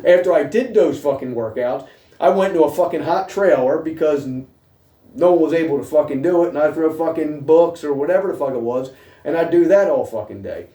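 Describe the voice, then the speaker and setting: A man's voice: on the high side, brisk, dark tone, far from the mic. Blunt, swearing man in an echoey room. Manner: blunt, heavy swearing, repeats "okay?". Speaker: host telling his own story. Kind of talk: casual storytelling monologue. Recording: roomy echo, voice away from mic.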